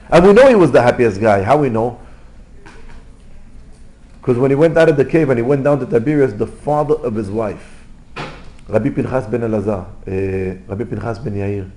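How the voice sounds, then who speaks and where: A rabbi giving an informal Torah lesson, telling stories in lively, non-native English. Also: male voice, mid-range voice, moderate pace, pauses often, poor audio. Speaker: rabbi teaching a class.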